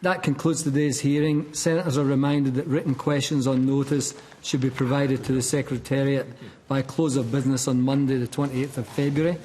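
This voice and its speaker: A man's voice: mid-range voice, steady tone, a little fast, hardly any pauses, dark tone. A man chairing a committee, closing the hearing with formal procedural notices. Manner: formal, orderly.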